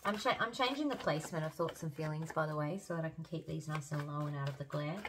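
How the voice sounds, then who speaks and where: A woman giving a casual tarot reading, chatty and hoarse as she loses her voice, thinking aloud with fillers and restarts. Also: sits low, fast, noisy background. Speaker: tarot reader.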